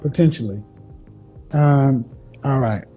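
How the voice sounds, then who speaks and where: A man's voice: mid-range voice, takes it slowly. A man giving dating advice on a call-in show, curt and stern as he lectures a caller. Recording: dull lo-fi clip with faint music.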